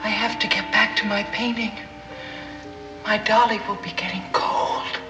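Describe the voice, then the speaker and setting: A woman's voice: mid-range voice, steady tone, unhurried, lo-fi sound, over music, close to an everyday voice. An actress playing a dazed young woman who talks in a distant, childlike way. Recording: echoey, distant old TV audio.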